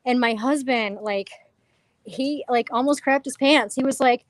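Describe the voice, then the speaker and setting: A woman chatting casually as an interview guest, animated and quoting herself as she tells stories. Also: high voice, measured pace, dry recording. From New York. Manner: animated storyteller, quotes herself and others. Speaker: paranormal investigator guest.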